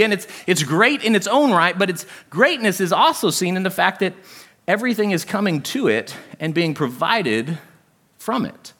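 Lively pastor guy preaching, bright voice, keeps asking the room questions. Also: high voice. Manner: animated, talks with the congregation and asks questions often. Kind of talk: sermon with audience interaction. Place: church sanctuary.

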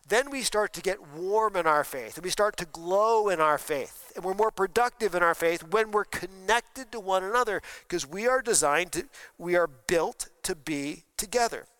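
A man's voice: on the high side, fairly bright tone, no echo, rough recording. A man preaching a sermon as pastor, conversational and asking the congregation questions. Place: church sanctuary during a service.

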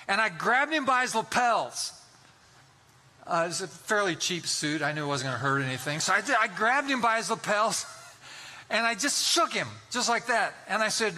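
A man's voice: sits high, normal speed, sharp tone. A man in his sixties preaching a sermon, telling folksy stories and urging his listeners on with emphatic exhortations. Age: 60s. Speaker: pastor.

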